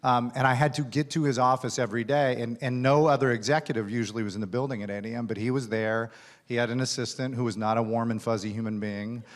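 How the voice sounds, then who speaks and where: A man's voice: medium pitch, steady tone, fast. A man speaking as the guest at a conference keynote, telling a long career anecdote in a self-deprecating, chatty way with frequent fillers. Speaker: studio executive, keynote guest. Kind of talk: onstage conversation, storytelling. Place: conference stage.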